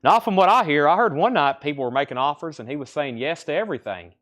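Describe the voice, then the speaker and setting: A man's voice: a little high, expressive, fast, fairly bright tone. A man with a Southern US accent hosting a live record sale from a store, reeling off album titles and prices with chatty asides. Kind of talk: live-stream sales patter.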